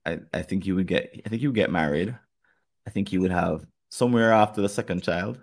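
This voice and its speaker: Here a man speaks with a deep, creaky voice and a Jamaican accent during a podcast conversation. Thoughtful in manner, he keeps stopping and restarting his sentences.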